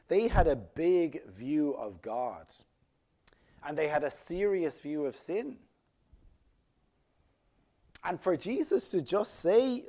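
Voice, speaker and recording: A man preaching a sermon, lively and rhetorical, often putting questions to his listeners. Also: fairly high pitch, slow. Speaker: pastor.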